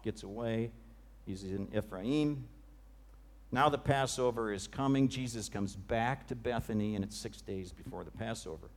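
During his sermon, a medium-pitched male preacher recounts a scene with vivid, dramatic narration, frequently sinking into a hushed tone.

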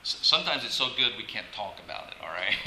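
A man pastor giving a casual, halting sermon to his congregation, repeating words and laughing often. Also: mid-range voice, sing-song, bright, forceful tone. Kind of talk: conversational sermon. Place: church sanctuary. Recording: echoey room, faint ambient noise.

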